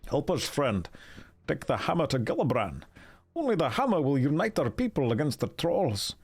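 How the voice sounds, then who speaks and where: A delirious old dwarf on his deathbed, gruff and rasping out his pleas in a Sean Connery style accent, as a man puts him on while reading aloud. The voice climbs well above a normal man's register and wavers between weak pleading and sudden strained outbursts. It sounds like a storybook character being played for laughs. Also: extremely high pitch, measured pace, voice pushed up.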